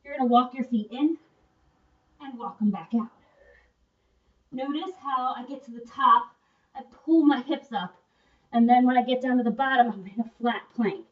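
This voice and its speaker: A young woman leads a workout instruction video, chatting encouragingly at a moderate pace with frequent pauses and occasional laughter. Her fairly high voice is muffled, picked up from a distance.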